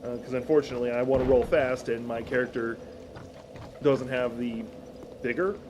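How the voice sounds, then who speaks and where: A man giving casual live commentary while streaming a game, excitable and self-mocking, swearing and shouting at enemies. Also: mid-range voice, moderate pace, noisy background.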